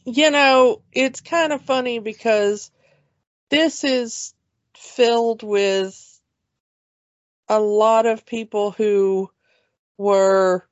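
Unhurried chatty woman podcast host. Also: on the high side, steady tone, dry recording, lo-fi sound. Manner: chatty, rambling with restarts and laughs. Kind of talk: casual movie chat.

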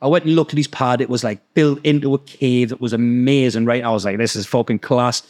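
A man with a Geordie accent telling a long, animated story in casual chat, swearing freely and acting out the other people's voices. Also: mid-range voice, fairly quick. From North East England. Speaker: podcast guest storyteller.

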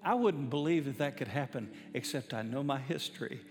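A man's voice: medium pitch, fairly quick. A man, a pastor telling a story in a sermon, emphatic and building to fervent preaching. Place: church sanctuary. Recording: reverberant church hall with faint music.

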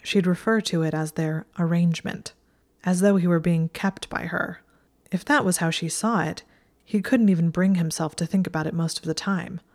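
Low-voiced woman reading a story. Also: a little mellow. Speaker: audiobook narrator. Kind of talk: scripted narration.

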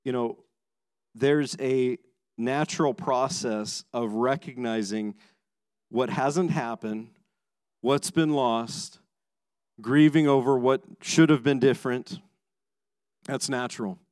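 A man preaching a sermon as pastor, emphatic, moving between raised passages and hushed low ones, often repeating words as he starts a sentence. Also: slow, pauses often, smooth, no echo.

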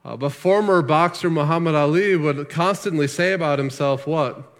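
Man, pastor, sermon, emphatic, slightly high-pitched, long hall reverb. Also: moderate pace. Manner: earnest, emphatic preaching with rhetorical questions.

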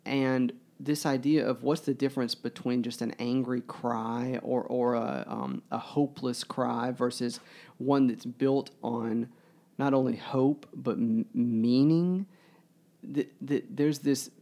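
In a casual book discussion, a man with a mellow, gravelly voice thinks aloud at a middling pitch. He pauses often, halting and restarting his sentences as he muses.

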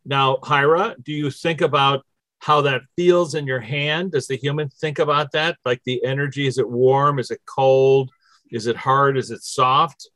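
A man's voice: medium pitch, fairly even intonation, a little slow, sharp tone, no room sound. A man hosting a casual spiritual chat, walking listeners through numbered steps. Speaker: host.

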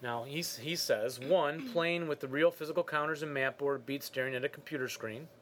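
A man's voice: on the high side, fairly quick, fairly bright tone, slight background noise. A man co-hosting a podcast, reading listener mail in a casual chat with dry, teasing humor. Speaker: podcast co-host.

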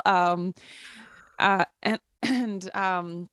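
A woman's voice: fairly low pitch, steady tone, normal speed, gravelly, fairly bright tone, dry recording, studio quality. A young woman, mother of a little boy, rambling through a casual conversation with many fillers and restarts. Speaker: podcast co-host.

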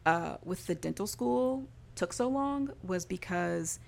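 A woman's voice: fairly low pitch, lively intonation, slow, vocal fry, a little mellow. A young woman casually recapping a TV show for a podcast, chatty and full of "like", laughing often. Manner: chatty, heavy use of "like", frequent laughs.

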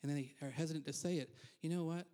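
Candid, higher-voiced male pastor preaching. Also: fairly even intonation, racing, dark tone. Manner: candid, self-deprecating, frequent asides. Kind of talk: conversational sermon.

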